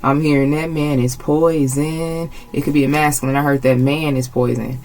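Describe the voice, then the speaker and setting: A woman's voice: extremely low pitch, fairly even intonation, normal speed, few pauses, darkish tone, rough recording. A woman giving a casual tarot reading, blunt and emphatic, swearing freely and repeating her phrases. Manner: emphatic, gets agitated. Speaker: tarot reader.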